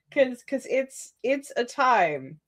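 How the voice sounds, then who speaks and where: Slow, rambling woman streamer. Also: sits high, fairly bright tone. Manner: rambling, laughs often, restarts mid-sentence. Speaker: streamer hosting writing sprints. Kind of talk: casual live-stream chat.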